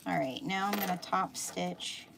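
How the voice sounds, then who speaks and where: Pennsylvania dutch lady teaching sewing live, gravelly lowish voice, noisy room w/ machine clicking. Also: a little slow. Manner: chatty, thinking aloud while sewing. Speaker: sewing instructor. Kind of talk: live sew-along tutorial.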